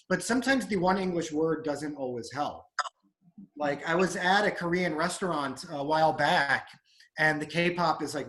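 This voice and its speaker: A man's voice: a little high, fairly bright tone. A man doing a stand-up comedy set over a video call, with a casual, rambling, self-mocking delivery.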